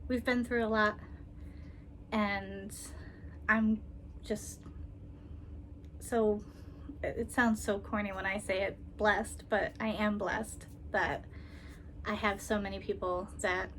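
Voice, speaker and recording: A woman vlogger talking casually and tenderly, with frequent ums and soft laughs, near tears. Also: medium pitch, slight background noise. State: emotional, holding back tears. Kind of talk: casual personal vlog.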